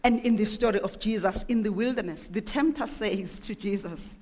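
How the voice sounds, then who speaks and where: A woman preaching a sermon, asking one rhetorical question after another with animated delivery. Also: mid-range voice, normal speed, few pauses. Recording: echoey hall with long reverb.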